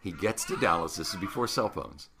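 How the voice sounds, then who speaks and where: A man's voice: sits low, fairly quick, noisy background. A man in his sixties, a longtime radio host, telling stories in an interview with lots of laughter. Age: 60s. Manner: animated storyteller, laughs through stories. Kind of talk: storytelling interview.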